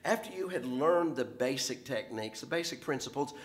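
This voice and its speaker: A man's voice: medium pitch, lively intonation, brisk. A middle-aged man gives a talk on a conference panel. He explains his points as a professor would in a lecture, in a mid-range voice.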